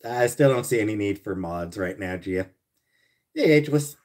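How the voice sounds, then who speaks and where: A man's voice: lowish voice, animated, moderate pace, darkish tone. A man streaming live, chatting casually with his viewers and answering them by name, sarcastic and grumbling, with plenty of swearing. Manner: answers chat messages by name. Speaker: livestreamer answering chat.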